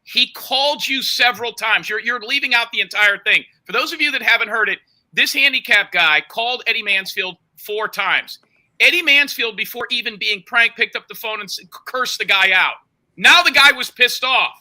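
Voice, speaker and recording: This podcast host has an extremely high, bright voice with a forceful tone and speaks at normal speed. Caught in a heated argument, he pushes his account of events and talks over the others.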